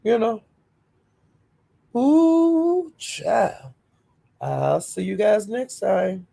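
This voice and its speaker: Gravelly woman livestreaming. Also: mid-range voice, animated, slow pace, warm tone. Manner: greets viewers by name, blunt and defiant. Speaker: livestream host. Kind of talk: casual livestream chat.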